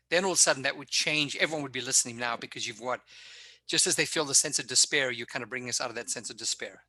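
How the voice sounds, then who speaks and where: Energetic, sharp-voiced male speaking coach. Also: mid-range voice, fast talker. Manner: energetic, emphatic, directive coaching. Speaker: public speaking instructor. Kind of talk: live online workshop coaching.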